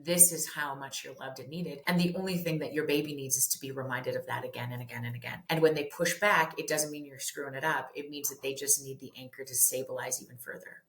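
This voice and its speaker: A woman's voice: very deep voice, fairly even intonation, fast, hardly any pauses, a bit bright. A woman in her forties, a therapist and parenting author, talking candidly and animatedly, swearing casually and acting out her children's voices. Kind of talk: candid podcast conversation. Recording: roomy echo.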